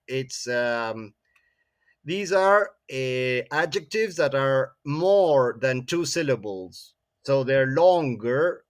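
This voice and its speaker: Slow male English teacher. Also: medium pitch, animated. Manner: frequent tag questions "no?" and "eh?", repeats words. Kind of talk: classroom grammar lesson.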